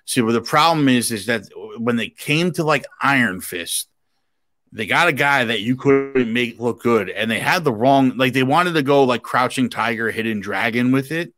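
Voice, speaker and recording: A man's voice: mid-range voice, moderate pace, fairly bright tone. A man co-hosting a podcast, chatting casually and animatedly about action movies, swearing now and then. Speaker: podcast co-host.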